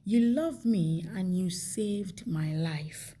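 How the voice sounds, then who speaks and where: A hurt young wife who cannot understand her husband, read by a woman narrator. The voice is low, soft and husky, and it moves slowly.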